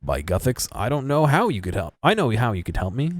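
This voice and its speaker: A man's voice: low-pitched, big pitch swings, moderate pace, mellow, husky, dry recording, clean studio sound, pitched below the performer's own voice, full character voice. A man playing a pompous posh old bearded gent. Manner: posh old-fashioned speech, fussy.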